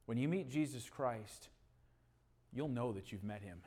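A preacher with a breathy edge to his voice keeps a measured pace, alternating forceful, loud moments with hushed, low ones. His sermon leans on down-to-earth anecdotes about his family and his dog.

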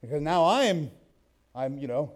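A man's voice: on the high side, expressive, unhurried. A man preaching a sermon in a church, telling personal stories in a loose conversational way and reading scripture aloud.

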